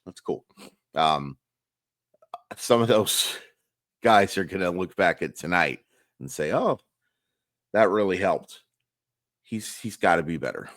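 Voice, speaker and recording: Raspy hoarse guy, real low voice, dry close sound, frustrated game recap. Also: lively intonation, a little slow, long pauses, a bit bright, dry recording. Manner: candid, frustrated, rambling with restarts. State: hoarse, losing his voice. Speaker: sports recap host. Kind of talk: casual solo game recap. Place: home room, early morning.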